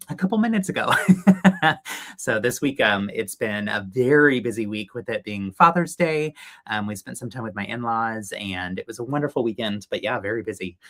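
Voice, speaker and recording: Male livestream host, chatty and upbeat, bright tone, lots of filler words. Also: mid-range voice. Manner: chatty, upbeat, many ums. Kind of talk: casual livestream chat.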